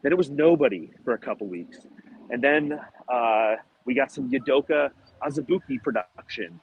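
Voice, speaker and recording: A man's voice: mid-range voice, animated, moderate pace, phone-quality sound, a little hiss or hum. Winded male sports podcast host. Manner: rambling, analytical basketball talk with fillers. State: out of breath. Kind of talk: casual sports podcast chat. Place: outdoors, walking and climbing stairs.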